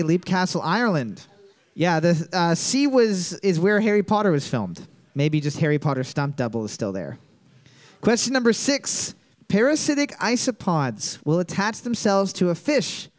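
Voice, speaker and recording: A woman's voice: fairly low pitch, darkish tone. A woman hosting a casual trivia night, reading each question twice and trading crude, teasing banter with a co-host.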